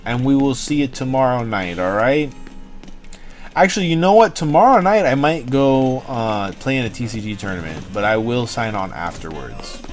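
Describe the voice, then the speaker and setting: A man's voice: mid-range voice, very animated, moderate pace, soft background music. A young man hosting a livestream, rambling and joking casually with his chat, swearing freely. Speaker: livestream host.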